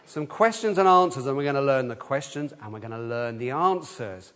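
A man leading a children's talk in church, lively, asking the room questions and leading call-and-response answers. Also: mid-range voice, fairly quick. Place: church hall. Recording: long hall reverb.

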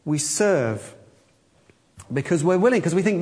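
A man's voice: on the high side, expressive, measured pace, pauses often, a little mellow. Conversational male church elder preaching. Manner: conversational, acts out quoted voices, wry humor. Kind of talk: sermon.

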